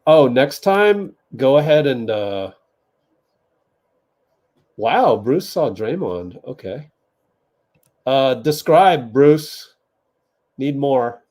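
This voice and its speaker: A man's voice: medium pitch, big pitch swings, drawn-out words, pauses often, a little mellow. A man hosting a casual livestream watch party, chatting with viewers, laughing often and typing as he talks. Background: keyboard typing.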